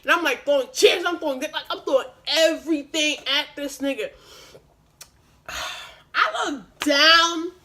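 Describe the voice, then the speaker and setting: A young woman vlogger retelling a story in casual, animated, profane slang. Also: high-pitched, measured pace, poor audio.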